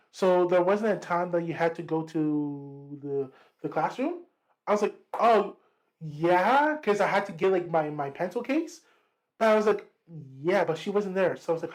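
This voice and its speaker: A man co-hosting a podcast, telling a story in casual chat, lively and profane, acting out what people said. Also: sits high, low-quality recording. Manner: animated, profane, acts out quotes. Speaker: podcast co-host.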